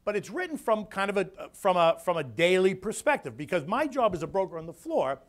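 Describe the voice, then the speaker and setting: A man from the United States, a floor broker speaking as guest, telling a story in a rambling, animated way that repeats his words. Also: sits high, fairly quick. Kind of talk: casual emotional storytelling talk.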